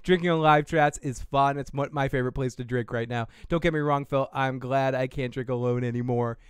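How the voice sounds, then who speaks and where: A man's voice: mid-range voice, steady tone, brisk, clean tone, no echo, studio quality. A man hosting a casual live-stream podcast, rambling and joking with viewers while drinking, swearing freely. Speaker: podcast host.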